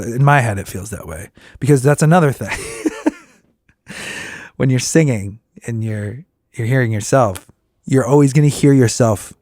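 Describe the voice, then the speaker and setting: A middle-aged man with a tired voice talks casually as a musician host, wandering from thought to thought and correcting himself mid-sentence. His voice sits at an ordinary middle pitch. The sound is close and dry. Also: no room sound. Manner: rambling, self-correcting, talks through vocal warm-ups. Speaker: podcast host and working musician. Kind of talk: casual solo reflection.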